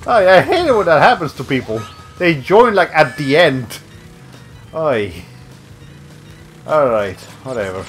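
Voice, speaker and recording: A man's voice: on the high side, sing-song, unhurried, long pauses, fairly bright tone, faint music behind. A young man giving casual, rambling commentary while streaming a video game, often cutting himself off mid-sentence. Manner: rambling, self-interrupting, with many fillers.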